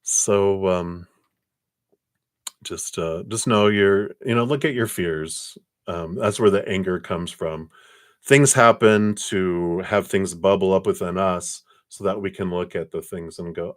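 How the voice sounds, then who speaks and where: A man's voice: low voice, a little slow, no room sound, studio quality. A man doing live-stream card readings, talking in a rambling, reassuring way with lots of "you know". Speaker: card reader.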